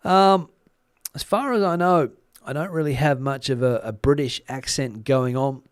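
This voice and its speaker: A middle-aged Australian man hosts a casual live stream, talking in a loose, meandering way full of ums and restarts. His voice sits at an ordinary pitch and sounds close and dry, with no room around it. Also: moderate pace, clean tone, no room sound. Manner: relaxed, rambling, many fillers and restarts. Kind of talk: casual live-stream chat reading comments.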